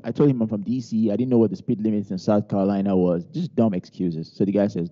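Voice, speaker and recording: A man's voice: fairly low pitch, fairly quick, few pauses, warm tone, lo-fi sound. A male pastor delivering a sermon, hammering key phrases through repetition and weaving in humorous personal stories.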